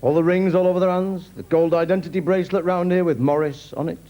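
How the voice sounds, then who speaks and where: A man's voice: high-pitched, steady tone, fast talker. A man doing a stand-up routine, rambling wryly through an anecdote. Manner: rambling, anecdotal, wry storyteller. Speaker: stand-up comedian. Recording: hissy old TV recording.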